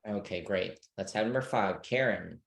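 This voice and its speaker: A man's voice: low-pitched, moderate pace, gravelly. A man teaching an online English speaking class, patient and checking that students understand.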